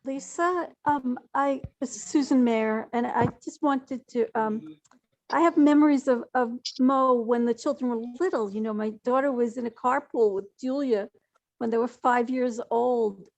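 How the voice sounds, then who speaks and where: A woman's voice: fairly high pitch, normal speed, a little mellow. A woman sharing memories at a memorial gathering, emotional, often restarting her sentences. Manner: emotional, restarting sentences, laughing through tears. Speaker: family friend. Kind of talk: memorial remarks.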